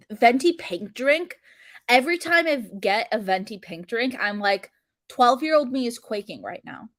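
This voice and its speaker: A woman's voice: on the high side, no echo, clean studio sound. A young adult woman hosting a casual coding livestream, chatty, with lots of fillers and frequent laughs.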